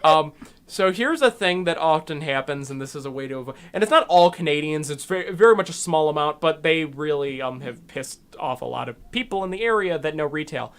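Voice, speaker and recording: A man's voice: on the high side, lively intonation, fairly quick, a bit bright, clear, resonant tone. Man, casual podcast chat, rambling, lots of fillers and restarts. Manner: rambling, restarts with ums and likes. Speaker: podcast co-host.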